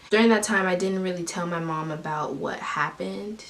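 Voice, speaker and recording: Low-voiced young woman telling her story. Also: moderate pace, creaky. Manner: emphatic, talking straight to viewers. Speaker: vlogger. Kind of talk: candid personal storytelling to camera. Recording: voice a bit far from the mic, faint hiss.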